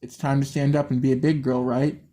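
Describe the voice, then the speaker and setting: A man's voice: medium pitch, level tone, brisk, warm tone, lightly acted. A man reading as Tony, a falsely kind killer. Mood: mocking. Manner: read aloud with stumbles and restarts.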